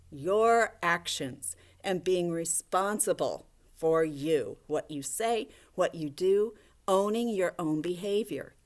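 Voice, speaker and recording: A woman teacher giving a gentle, coaxing video lesson to young children, talking to a puppet. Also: on the low side. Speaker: elementary school teacher.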